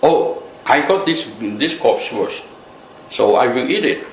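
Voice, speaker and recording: A man's voice: mid-range voice, lively intonation, slow. A man voicing mean, quarrelsome demons who argue over a corpse in a spoken parable. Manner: argumentative, demanding. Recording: echoey room with faint noise.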